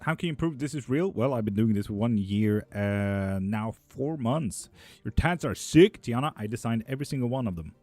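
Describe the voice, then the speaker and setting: This live stream host reads questions from chat and answers casually, joking, swearing and laughing a lot. His mid-range voice has lively intonation and a darkish tone at a normal speed, with no echo and faint music behind him in an indoor room where a fan runs.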